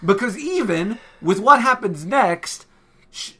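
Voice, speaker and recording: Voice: medium pitch, expressive, slow pace, pushed and bright, breathy edge. A podcast co-host chatting casually and enthusiastically, swearing freely while retelling film scenes. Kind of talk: casual chat.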